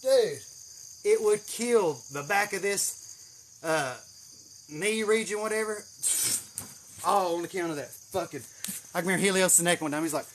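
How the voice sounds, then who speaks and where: A man with a drawl tells a rambling, profane story and throws in swear words freely. His voice sits fairly high for a man. Faint insects chirp behind him in a greenhouse. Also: normal speed, pauses often, slight background noise. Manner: profane, animated, swears heavily. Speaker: channel host. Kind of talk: casual storytelling.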